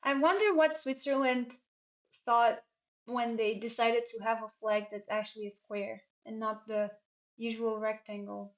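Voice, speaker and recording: A woman's voice: on the high side, fairly even intonation, a little slow. A young woman chatting casually on a live stream as a chess commentator, rambling and answering questions from chat.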